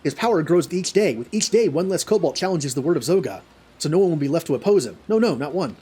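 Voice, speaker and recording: A man voicing a cowering, whining male kobold, reading the lines haltingly with stumbles and husky tone. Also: a little high, lively intonation, warm tone. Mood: fearful.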